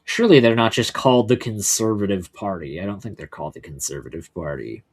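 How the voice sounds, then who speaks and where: A man's voice: lowish voice, fast, husky. A man hosting a political commentary livestream, reading articles and ranting with heavy swearing. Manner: ranting, heavily profane, loose with fillers. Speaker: livestream host.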